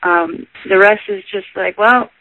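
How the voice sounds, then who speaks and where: A woman's voice: medium pitch, unhurried, no room sound. A woman guest, a stage performer, talking earnestly and rambling with lots of "you know". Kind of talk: casual interview chat. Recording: tinny phone-like line, dry.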